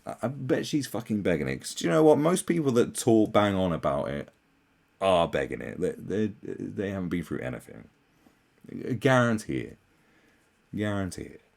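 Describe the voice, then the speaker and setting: A young man ranting sarcastically as a commentary host, swearing often and mocking others in shrill put-on voices. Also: sing-song, normal speed, gravelly, a little mellow.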